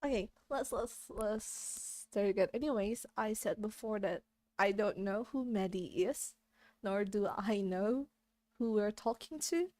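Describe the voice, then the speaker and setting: A woman's voice: mid-range voice, unhurried, mellow, dry recording, clean studio sound. A woman with an Indonesian accent streaming a game in a giggly, apologetic way. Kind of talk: casual live-stream chat.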